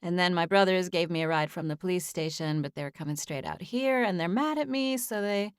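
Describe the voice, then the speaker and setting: A woman's voice: lowish voice, a little fast, clean tone, no room sound, close to an everyday voice. Lady reading as a worn-out polite young woman, audiobook, dry close sound. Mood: apologetic. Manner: polite, apologetic, tired.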